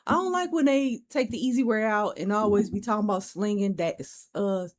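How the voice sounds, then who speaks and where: A woman's voice: medium pitch, fairly quick. A young woman co-hosting a podcast, chatting casually and telling stories in a blunt, frank, profane way. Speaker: podcast co-host.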